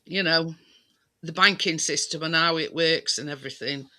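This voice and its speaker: A man's voice: on the high side, normal speed, bright, forceful tone. A man hosting a casual chat, talking chattily and repeating himself as he quotes conversations. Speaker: livestream host.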